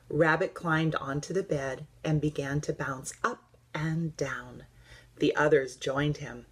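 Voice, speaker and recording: Slow breathy woman reading a storybook. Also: deep voice. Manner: gentle expressive storytelling with breathy, hushed narration. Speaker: teacher reading aloud. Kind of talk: children's read-aloud.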